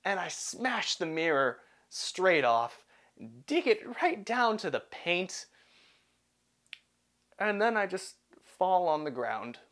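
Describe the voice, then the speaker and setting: A young man narrating a personal story in an animated, self-deprecating way. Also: high voice, takes it slowly.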